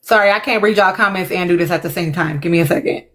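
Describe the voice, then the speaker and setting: A woman's voice: fairly low pitch, fast talker. A woman hosting a live stream, chatting casually with viewers and apologizing as she looks for clips. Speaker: livestream host reacting to a reality show. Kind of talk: casual live reaction chat.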